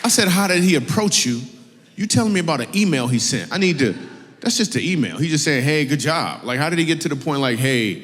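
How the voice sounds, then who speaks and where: A man's voice: on the high side, expressive, quick pace, a bit bright. A man, a comedian, doing stand-up crowd work on stage, teasing an audience member and laughing often. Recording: live hall with faint ambience.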